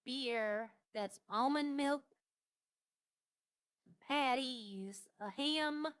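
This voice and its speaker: A young woman with a fairly high voice chats casually while streaming a roleplay game, musing aloud and listing items as she browses. The sound is dry and close, with no room echo. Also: drawn-out words, fairly bright tone.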